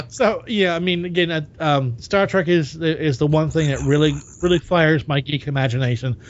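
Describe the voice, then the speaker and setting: A man co-hosting a podcast with a mixed, partly Boston accent and a slightly raised pitch. He rambles and jokes, restarting his sentences. The recording sounds dull and lo-fi. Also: normal speed. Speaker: podcast co-host. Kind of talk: casual chat.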